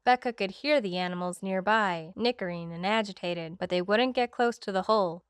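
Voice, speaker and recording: A woman narrating a romance audiobook, slowing down for the romantic moments. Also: mid-range voice, clean tone, no echo, studio quality.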